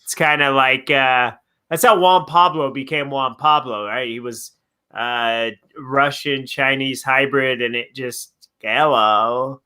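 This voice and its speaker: A man's voice: mid-range voice, steady tone, a little slow, pushed and bright, clean tone. A man co-hosting a radio talk show, chatting casually and cracking jokes. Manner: easygoing, wisecracking. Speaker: radio co-host. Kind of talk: casual banter.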